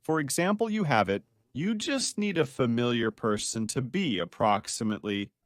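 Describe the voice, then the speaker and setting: Male doctor, video lesson, very lively pitch, playful teaching, dry close sound. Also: normal speed, no echo. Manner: lively, playful teaching with quiz questions to viewers. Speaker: doctor explaining spine health.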